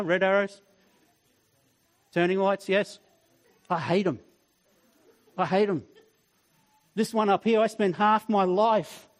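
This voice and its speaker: A man preaching a sermon, telling stories and acting out voices, at times dropping to a soft, tender tone. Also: high-pitched. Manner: storytelling, acts out voices, drops to soft tender tone. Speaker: pastor.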